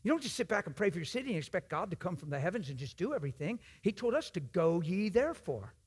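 A man preaching in a church, his voice a touch husky and pitched a bit high for a man. He talks in a folksy, emphatic way, rising to loud exhortation and then dropping to hushed, confiding asides. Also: sing-song, fast. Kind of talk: sermon.

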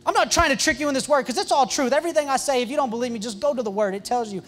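A young man, a youth pastor, telling stories in an excitable, joking sermon full of quick asides and restarts. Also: very high-pitched, faint music behind. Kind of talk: storytelling sermon.

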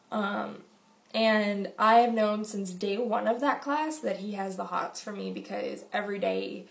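A teenage girl telling a story to her viewers in a chatty vlog, full of "like" and "um" and quick giggles. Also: medium pitch, vocal fry. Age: teens. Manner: chatty, filler-heavy, giggly. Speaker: vlogger.

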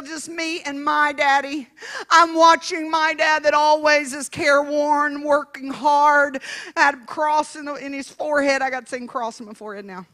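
A woman evangelist telling a folksy, humorous story in a sermon, swinging between hushed asides and shouted preaching. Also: high-pitched, expressive, a little slow.

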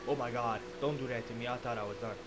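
A man giving excitable, foul-mouthed commentary while playing a video game, shouting out in sudden bursts and calling everyone bro. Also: mid-range voice, quick pace, noisy background. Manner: excitable, swears a lot, sudden loud outbursts; calls viewers and game characters bro and man. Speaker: gaming channel host. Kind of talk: live gameplay commentary. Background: game soundtrack music.

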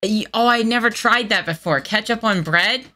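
A woman's voice: mid-range voice, normal speed, sharp tone. A woman on a casual phone call, playful and acting naive and easily distracted. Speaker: host.

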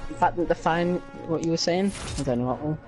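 Calm man with a worn voice. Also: fairly high pitch, fairly quick, faint music behind. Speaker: gamer. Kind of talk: gameplay chat.

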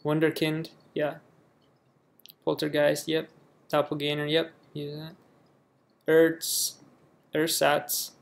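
A man's voice: a little high, completely flat delivery, slow, gravelly, long pauses. A young man from the United States casually reading a word list aloud and reacting offhandedly in a vlog. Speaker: vlogger.

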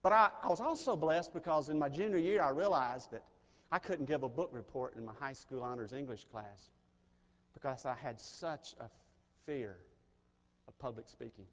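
A middle-aged pastor from Mississippi, preaching an earnest, personal sermon that swells in intensity. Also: male voice, medium pitch, moderate pace, dull audio. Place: large chapel. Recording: chapel recording with long reverb.

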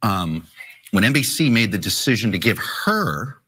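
A male news commentator speaks in a played broadcast clip, measured and critical, sometimes pausing to find his words. His voice sits low with a husky edge. Even so, his tone is bright and his pitch moves in a lively way.

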